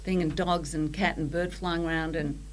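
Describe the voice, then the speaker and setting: Australian woman telling a story, low voice. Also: normal speed, poor audio. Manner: animated storyteller who acts out quotes. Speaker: podcast guest. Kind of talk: storytelling in casual chat.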